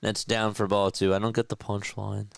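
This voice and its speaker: A man with a South Jersey accent calling a baseball game play-by-play in a casual streamer style, chatting and joking with his chat between pitches. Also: flat delivery, moderate pace, vocal fry, no echo.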